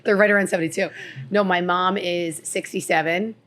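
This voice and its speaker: A woman from New Jersey who co-hosts a podcast, talking casually in quick, chatty bursts. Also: on the low side, fairly even intonation, fairly bright tone. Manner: chatty, quick, restarts and giggles. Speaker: podcast co-host. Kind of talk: casual chat.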